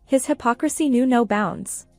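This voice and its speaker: A woman narrating a first-person revenge story in a steady, even manner. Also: fairly high pitch, moderate pace, vocal fry, dry recording, faint music behind.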